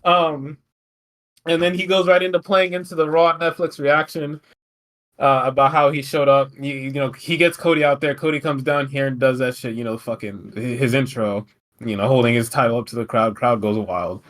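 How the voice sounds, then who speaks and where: A man's voice: medium pitch, fairly even intonation, moderate pace, fairly bright tone. A man co-hosting a podcast, recapping wrestling in a casual, profane, rambling way with frequent laughs. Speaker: podcast co-host.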